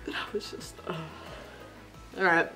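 A young woman from New Zealand chatting casually in a movie review vlog, bubbly and playful with quick asides. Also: sharp tone. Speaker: vlogger. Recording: faint background music.

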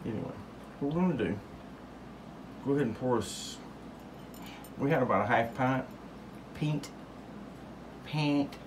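Casting note: joking man, middle-pitched, rambling drawl, noisy home kitchen recording. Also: expressive, moderate pace, pauses often. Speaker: home cocktail show host. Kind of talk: casual cocktail demonstration.

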